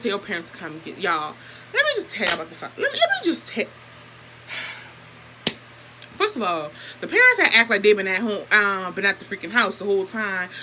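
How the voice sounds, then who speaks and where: A young woman vlogger telling a story casually to camera, animated and expressive, acting out what others said, with swearing. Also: high voice, slight background noise, low-quality recording.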